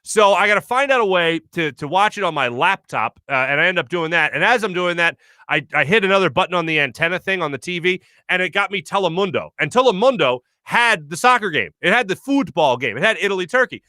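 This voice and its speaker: High, bright-voiced chatty male radio host. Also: fast, dry recording. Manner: chatty, animated storytelling with many fillers. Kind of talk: casual solo monologue. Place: radio studio.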